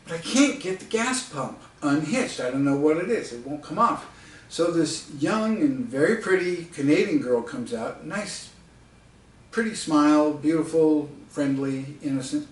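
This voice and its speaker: Casual storyteller: chatty American man, slightly high voice, sounds distant in an echoey room. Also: lively intonation, measured pace. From United States. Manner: chatty, laughing often, with fillers and asides. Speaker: storyteller and author. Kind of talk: casual spoken anecdote.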